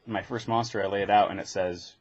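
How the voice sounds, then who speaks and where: A man with a low, husky voice talks eagerly on a podcast, clearly excited about his hobby. The sound is dull and lo-fi, with a slightly muffled top end. He chats casually, in a storytelling way. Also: fast talker. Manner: enthusiastic, geeky storytelling. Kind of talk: casual chat.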